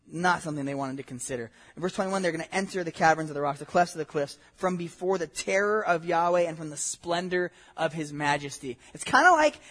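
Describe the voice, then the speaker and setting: A man from Southern California preaching a sermon, animated and conversational, with frequent asides and questions to the congregation. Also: fairly high pitch. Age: adult, married with a wife. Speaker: pastor. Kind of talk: expository sermon.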